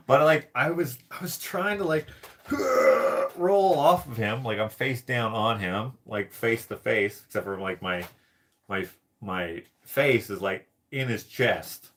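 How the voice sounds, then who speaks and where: A man's voice: medium pitch, slow, fairly bright tone, a little hiss or hum. A man telling a rambling personal story to camera, laughing often and filling his talk with "like". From Canada. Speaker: vlogger.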